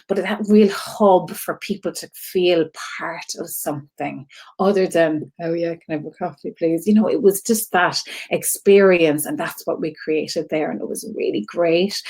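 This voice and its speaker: A woman's voice: fairly low pitch, a little mellow. Candid, rambling Irish woman host. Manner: candid and rambling, with frequent fillers and restarts. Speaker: host of an online community show. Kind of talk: casual heartfelt storytelling to viewers.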